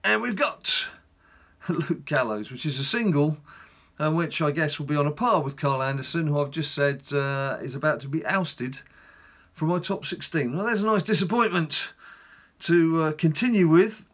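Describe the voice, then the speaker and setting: A man's voice: a little high, moderate pace, a bit bright. A middle-aged man, casually commenting on his own gameplay in a rambling, chatty way with wry asides. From England. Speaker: gaming channel host.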